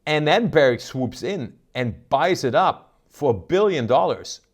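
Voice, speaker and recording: A man with a fairly high, sing-song voice hosts an investment video, delivering casual market commentary to camera at an unhurried pace. He speaks emphatically and keeps tacking on rhetorical "right?" questions.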